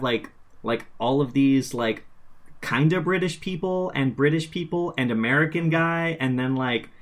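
Man, podcast co-host, casual chat, rambling, emphatic, lots of fillers. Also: fairly high pitch.

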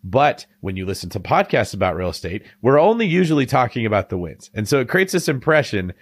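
A man's voice: medium pitch, big pitch swings, brisk, husky. A man co-hosting a podcast, talking casually and leading into his questions. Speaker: podcast co-host.

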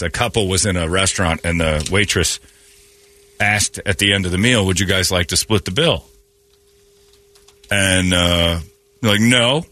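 A man hosting a morning radio show, telling animated stories and acting out the people in them in a casual, joking way. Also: low-pitched, no echo. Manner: animated storytelling with laughs and acted-out quotes.

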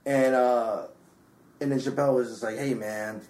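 A slightly drunk man, a DJ, telling a story in an excitable, casual way, swearing often and full of filler words. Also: mid-range voice, normal speed, echoey room. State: a bit drunk. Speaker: DJ and guest. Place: hotel room.

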